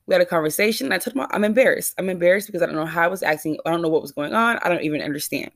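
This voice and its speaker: A woman vlogger with a lowish voice races along with few pauses, telling her viewers a rambling, anxious, self-questioning story in a casual confessional style. The recording is dry and studio quality.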